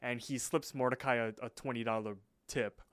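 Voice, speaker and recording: A young podcast co-host with a mid-pitched, steady, clear and resonant voice casually recaps a cartoon episode scene by scene. He keeps slipping into quick impressions to voice the characters he quotes. The recording is dry and close, with no room sound.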